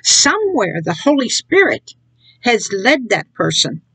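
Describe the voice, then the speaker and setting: A woman's voice: on the high side, very animated, measured pace, vocal fry, a bit bright, husky, dry recording, low-quality recording. A woman preaching an informal sermon with a mocking tone. She laughs at what she describes and acts out other people's words with scorn. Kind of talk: informal sermon to an online audience.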